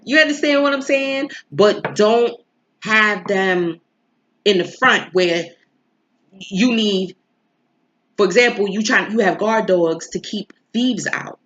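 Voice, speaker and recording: A woman's voice: medium pitch, fairly bright tone, lo-fi sound. A woman, an astrology and tarot reader, talking in a rambling, emotional way with a stuffy nose from crying, throwing in rhetorical asides. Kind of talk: casual confessional vlog chat. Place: home.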